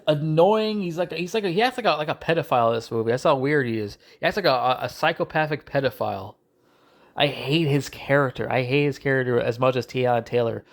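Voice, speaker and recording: A man's voice: mid-range voice, brisk. A man ranting angrily through a video movie review, swearing and repeating himself, with frequent restarts. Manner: angry, profane, repetitive ranting; restarts and stumbles often.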